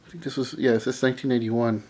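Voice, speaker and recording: A man's voice: mid-range voice, little pitch movement, quick pace, a little mellow. A man casually showing off a haul of collectibles, enthusiastic and rambling, repeating how awesome things are. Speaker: comic and card collector vlogger. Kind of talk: casual haul show-and-tell.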